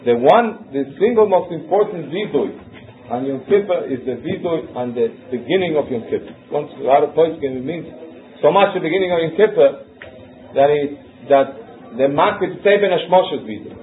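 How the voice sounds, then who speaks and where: A man teaches a religious law lesson in English, peppering it with Hebrew terms and reciting texts in an Ashkenazi Hebrew lilt. His voice sits a bit high for a man. It comes through a narrow, phone-like line with a faint hiss behind it. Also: animated, normal speed. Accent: Ashkenazi Hebrew pronunciation. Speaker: Torah teacher. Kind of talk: halachic lesson.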